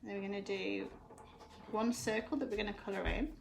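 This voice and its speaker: A woman's voice: mid-range voice, brisk, creaky, slight background noise. A woman giving a live drawing lesson for children from home, explaining each step patiently. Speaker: drawing teacher.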